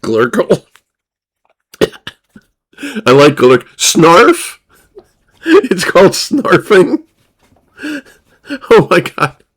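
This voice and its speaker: A man's voice: high-pitched, wildly swooping pitch, drawn-out words, pauses often, a bit bright, slightly rough. A man livestreaming in a crude, rambling, profane way, often laughing at himself. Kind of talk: crude casual stream chatter.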